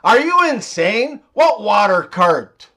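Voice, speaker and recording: A man's voice: high-pitched, big pitch swings, slow, pushed and bright, full character voice. A man voicing a wealthy estate owner who grows more indignant with each answer. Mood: outraged. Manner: indignant, exclaiming. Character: rich male estate owner, easily outraged.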